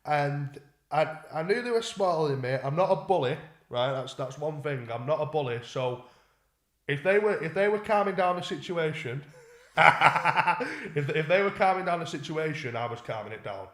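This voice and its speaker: A young man with a fairly high voice tells a story in animated casual chat, swearing freely and stumbling over restarts. His voice bounces around a roomy, echoey space. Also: normal speed. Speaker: podcast co-host. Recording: echoey room.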